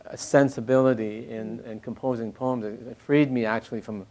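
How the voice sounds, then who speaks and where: Older man, halting reflective talk. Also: mid-range voice, steady tone. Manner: halting, many restarts, soft laughs. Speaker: poet and critic interviewee.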